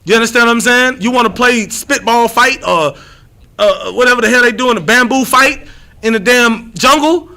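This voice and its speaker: Man, scripture teacher, high voice, bright tone, slangy, emphatic, restarts sentences. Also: normal speed. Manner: emphatic, drags out repeated quotes, restarts a lot; slangy and blunt. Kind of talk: street-style scripture lesson.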